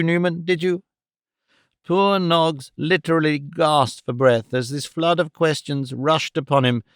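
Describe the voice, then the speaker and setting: A man narrating a classic novel in a measured, expressive audiobook reading. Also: fairly high pitch, clean tone, no room sound, clean studio sound.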